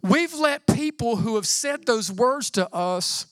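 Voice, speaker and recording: A man, a pastor, preaching a sermon with lively calls to the congregation and emphatic repetition. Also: extremely high pitch, takes it slowly, clean tone, no room sound, clean studio sound.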